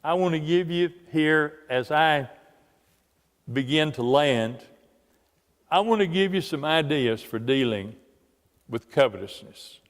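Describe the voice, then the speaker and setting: Slow, deliberate preacher in a reverberant church. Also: male voice, fairly high pitch, animated. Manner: slow, deliberate storytelling with drawn-out emphasis. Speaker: guest preacher. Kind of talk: sermon. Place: church sanctuary.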